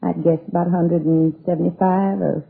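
An actress playing an older tavern owner's wife in a 1950s radio police drama, rambling and hesitant. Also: female voice, on the low side, steady tone, fairly quick, vocal fry, slightly rough. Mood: flustered. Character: aging woman, rattled, chatty, fretting over husband. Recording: narrow lo-fi old radio broadcast.

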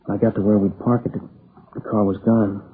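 A tinny, hissy lo-fi recording from an old radio crime drama carries a lightly acted male performance of a young adult robbery survivor. Weary, shaken, and exhausted with grief, he speaks in a low, flat voice, halting and restarting, close to tears.

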